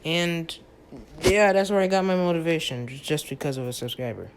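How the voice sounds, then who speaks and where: A man's voice: on the high side, lively intonation, a little fast, clear, resonant tone. A young man rambling casually through an anime fan theory, stumbling over names and leaning on fillers. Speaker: anime channel creator.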